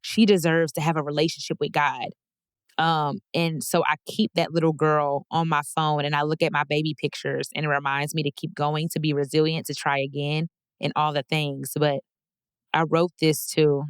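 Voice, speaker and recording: A woman's voice: deep voice, little pitch movement, normal speed, clean tone, no room sound. A woman in her twenties, a podcast host, reading heartfelt letters to her younger self aloud, tearful and affirming. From Texas.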